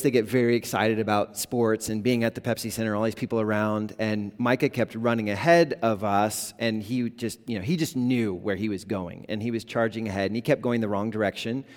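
A man's voice: lowish voice, steady tone, brisk, darkish tone, in a large hall. A man in his thirties preaching a sermon, talking casually and telling stories with many "like"s and "you know"s. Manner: conversational, storytelling, many fillers. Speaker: pastor.

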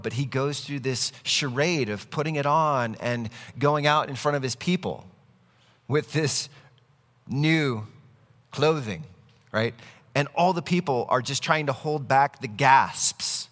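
A man's voice: on the high side, moderate pace, fairly bright tone, in a large hall. A man preaching a sermon, earnest and conversational, telling stories as he goes. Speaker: pastor.

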